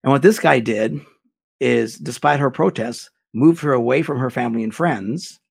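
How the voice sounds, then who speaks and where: A man giving blunt, animated relationship advice in a casual chat. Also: medium pitch, moderate pace, creaky, husky.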